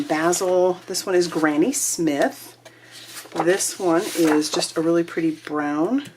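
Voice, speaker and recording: A woman with a low voice chats through a craft kit unboxing. She gushes with excitement and sometimes drops into a breathy whisper. Faint noise sits under the recording. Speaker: crafting channel host. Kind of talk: casual unboxing chat.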